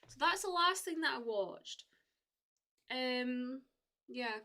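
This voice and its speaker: Young woman, from the UK, live streamer, bright voice, slightly high, rambling casual chat, lots of fillers. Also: animated, slow pace.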